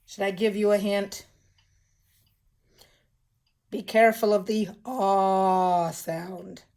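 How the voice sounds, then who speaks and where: An older woman teaching children phonics, slowly and patiently sounding out words and letters. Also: mid-range voice, flat delivery, darkish tone.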